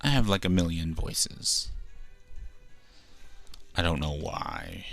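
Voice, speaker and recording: A young Canadian man rambles through casual game commentary in a very deep, gravelly voice with a bright, sharp edge. He stumbles, restarts and swears as he sorts out his thoughts. Faint game music plays behind him. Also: expressive, slow pace, pauses often. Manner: meandering, stumbling, swears freely, self-correcting. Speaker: let's play streamer.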